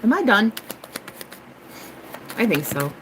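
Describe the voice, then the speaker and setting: A woman tarot reader chatting casually on a live stream, animated and laughing often, swearing freely and breaking into snatches of song. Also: medium pitch, takes it slowly, heavy background noise.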